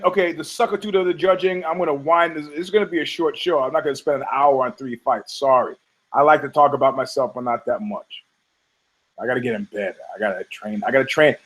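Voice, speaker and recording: A middle-aged man hosts a podcast with a slightly higher-pitched voice. He rambles and rants sarcastically, peppering his talk with profanity. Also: rough recording. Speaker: podcast host. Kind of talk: casual rant.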